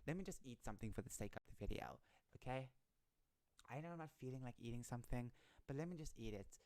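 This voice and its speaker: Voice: medium pitch, lively intonation, quick pace, a little mellow. A live streamer chatting casually and reading satire articles aloud, often stumbling over words and laughing.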